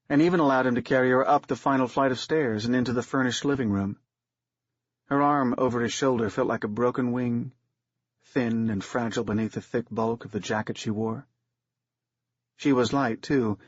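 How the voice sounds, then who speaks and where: A man reads a story aloud in a steady, unhurried narration. His husky voice sits at a middle pitch. The recording is dry, dull and slightly muffled. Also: dry recording. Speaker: audiobook narrator. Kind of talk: scripted narration.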